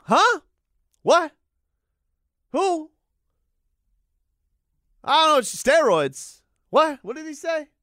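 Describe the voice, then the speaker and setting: A man doing a high, exaggerated impression of a sports promoter pretending not to hear a question. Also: sing-song, slow, long pauses, sharp tone, dry recording, clean studio sound, heavily acted. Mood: feigned confusion. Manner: squeaky, exaggerated mock confusion.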